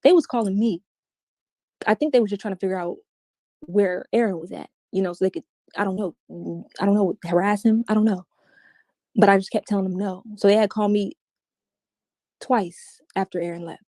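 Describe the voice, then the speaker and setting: A woman's voice: medium pitch, a little fast, long pauses, warm tone, dry recording, clean studio sound. A woman as an interview guest, giving a candid, emphatic personal account in slangy everyday speech.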